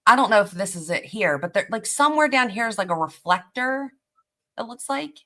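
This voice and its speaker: A woman's voice: medium pitch, animated, a little fast, bright, forceful tone. A woman hosting a casual livestream commentary, reacting bluntly with swearing and disbelief. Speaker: host.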